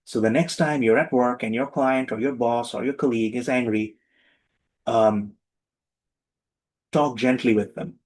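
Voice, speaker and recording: A man giving a lively, humorous spiritual talk to a live and online audience, acting out little voices for his jokes. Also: mid-range voice, a little slow, pauses often, low-quality recording. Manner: playful, animated, acts out little voices for jokes.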